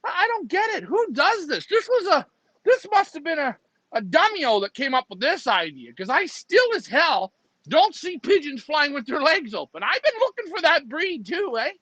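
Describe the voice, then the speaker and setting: Loud joking man, high voice. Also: normal speed, dry recording. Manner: joking, loud, animated, mocks others. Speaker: pigeon club host. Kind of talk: casual livestream banter. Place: indoor pigeon club room. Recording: slightly dull lo-fi sound.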